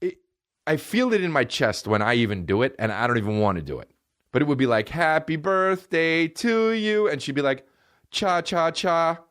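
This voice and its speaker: A fast-talking comedy podcast host in his thirties has a medium-pitched, sing-song, slightly bright voice. He rants casually with profanity and mocks people through impressions, recorded in clean studio sound with no room sound.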